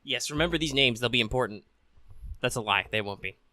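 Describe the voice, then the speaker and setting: A man's voice: mid-range voice, brisk, dry recording. Tired guy riffing on a film, sarcastic and swearing, dry close mic. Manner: sarcastic, deadpan and profane. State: sleepy, yawning. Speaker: film commentator. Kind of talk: riffing movie commentary. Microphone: home podcast mic, no camera.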